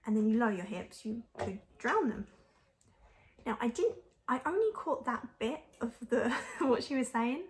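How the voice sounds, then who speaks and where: A woman's voice: a little high, a little hiss or hum. A young woman telling a personal story to camera in a frank, chatty way, laughing often and using lots of fillers. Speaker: mum vlogger.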